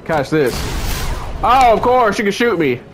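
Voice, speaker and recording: A man's voice: high voice, big pitch swings, a little slow, slight background noise. A young man giving gameplay commentary as a channel host, angrily ranting and cursing at the game. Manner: angry, profane ranting at the game. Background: game music.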